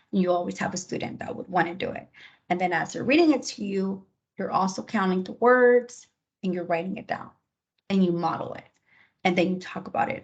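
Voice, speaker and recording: Husky lady teacher doing a conference talk, chatty, lots of "you know"s. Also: fairly low pitch, fairly quick, low-quality recording. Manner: conversational, many fillers and "you know"; models classroom directions in a lively teacher voice. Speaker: bilingual teacher presenter. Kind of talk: conference presentation.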